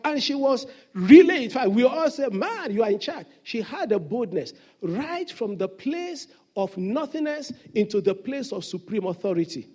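Male pastor, sermon delivery; high-pitched, warm and mellow tone, earnest storyteller who stumbles and restarts. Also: sing-song, moderate pace, hardly any pauses. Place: church service.

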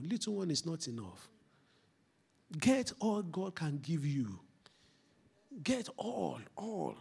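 Male pastor, raspy gravelly voice, passionate church sermon delivery. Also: on the high side. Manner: swings from loud exhortation to quiet intensity, repeats phrases.

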